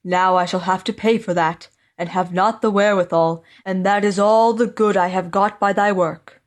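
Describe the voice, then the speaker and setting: A gruff old woodcutter who grumbles and scolds his bookish son in old-fashioned speech, read aloud by a woman. He sounds worn down by hard work and short of money. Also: mid-range voice, fairly even intonation, normal speed, natural voice. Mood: scolding. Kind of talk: storybook reading.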